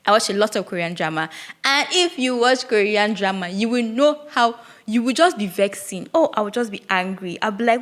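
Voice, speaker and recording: A woman's voice: mid-range voice, animated, moderate pace, fairly bright tone. A young woman, hosting a solo podcast and reflecting candidly aloud, with frequent restarts. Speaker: podcast host.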